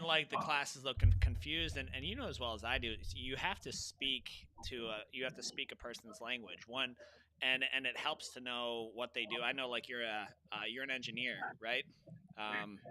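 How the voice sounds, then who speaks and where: A man hosts a podcast and talks in an emphatic, joking way with plenty of fillers. His voice is sharp and bright at a middling pitch. Faint noise runs under the recording. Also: steady tone, normal speed, low-quality recording. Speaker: podcast host. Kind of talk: casual podcast conversation.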